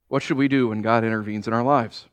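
A man's voice: medium pitch, quick pace. A pastor preaching a sermon, talking animatedly and acting out the people he quotes. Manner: animated, acts out quoted voices.

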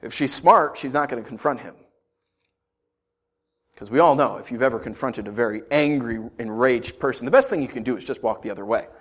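A man preaching a sermon as pastor. He talks in a conversational, joking way and swings from quiet asides to loud emphasis. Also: mid-range voice, a little fast.

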